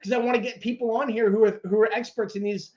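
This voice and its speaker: Man animated, profane podcast co-host. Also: sits high, quick pace, dull audio. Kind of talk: casual chat.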